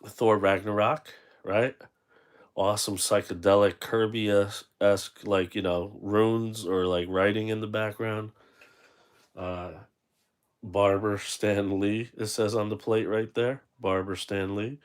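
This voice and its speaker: Low-voiced man rambling through an unboxing. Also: level tone, measured pace. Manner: rambling, self-correcting storyteller. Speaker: toy collector unboxing figures. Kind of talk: casual unboxing chat.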